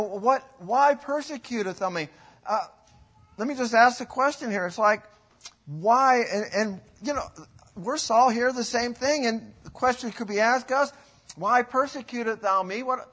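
A middle-aged man preaching a sermon in a folksy, rambling way, rising to loud bursts when he quotes. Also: very high voice, breathy edge.

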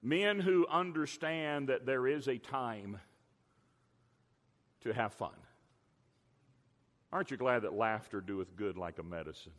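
An older man preaching a sermon as a pastor, emphatic, drawing out key words slowly. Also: medium pitch, fairly bright tone. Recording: long hall reverb.

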